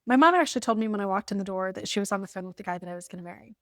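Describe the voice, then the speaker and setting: Woman in her 40s reading from her journal, wry, lighthearted, middle pitch, dry close sound. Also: rapid-fire, a bit bright, no room sound. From United States. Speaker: vlogger. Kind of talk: storytelling while reading from an old journal.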